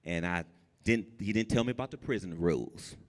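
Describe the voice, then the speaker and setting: A man telling a comic story live on stage, animated and jumping high when he quotes people. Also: a little fast. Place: brewery event space with an audience. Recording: long reverb in a live venue.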